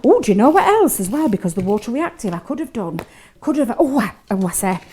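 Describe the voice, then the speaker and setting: A woman chatting warmly and giggling as she demonstrates a craft technique on a live show. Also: fairly high pitch, sing-song, fast talker, a little hiss or hum. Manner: chatty, giggly, talks to co-host while working. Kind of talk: live craft shopping demo chat.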